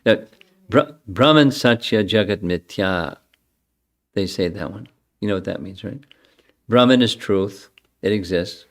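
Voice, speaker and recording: A man's voice: fairly low pitch, measured pace, pauses often. An older man giving a scripture lecture, chanting verses and then explaining them in a conversational way. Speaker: spiritual teacher giving a scripture class.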